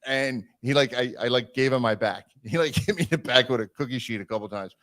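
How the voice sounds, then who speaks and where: Animated and swearing, a man on a live stream spins a long, casual tale about a road trip, impersonating the people he quotes. His pitch is medium and his pace a little fast.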